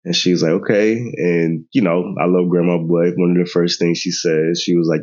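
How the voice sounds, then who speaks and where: A man in his thirties, a podcast guest, retelling a family story in a casual, animated way, mimicking others' voices and laughing often. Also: low-pitched, fairly quick, few pauses. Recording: dull lo-fi sound.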